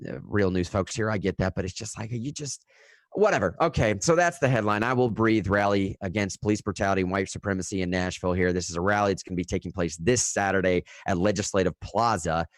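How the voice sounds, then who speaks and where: A young man hosting a radio news show, giving live, casual commentary that turns animated and full of restarts. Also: lowish voice, no room sound, studio quality. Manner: casual and animated, frequent "dude" and "man", restarts when worked up. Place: radio studio.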